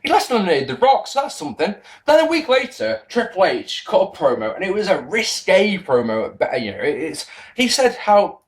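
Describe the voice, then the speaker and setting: A young man giving a casual spoken review to camera, rambling, excitable and often breaking off mid-sentence. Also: high voice, a little fast, hardly any pauses. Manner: rambling, self-interrupting, excitable. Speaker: wrestling video reviewer.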